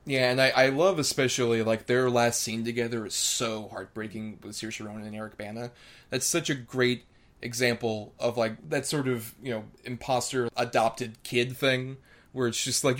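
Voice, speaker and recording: A man's voice: mid-range voice, fairly even intonation, normal speed, a bit bright. A man co-hosting a casual film podcast, talking thoughtfully and analytically with plenty of filler words. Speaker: podcast co-host.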